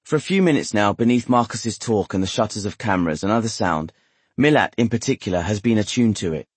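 A man narrating a literary novel in a measured, steady, wry manner. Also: fairly low pitch, breathy edge, dry recording. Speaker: audiobook narrator.

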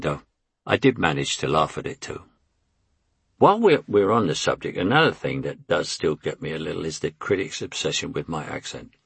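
A man's voice: sits low, creaky, fairly bright tone, slightly rough, no room sound. A man in his eighties with a London Cockney accent, reading his memoir in a wry, conversational way. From England. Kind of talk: audiobook memoir narration.

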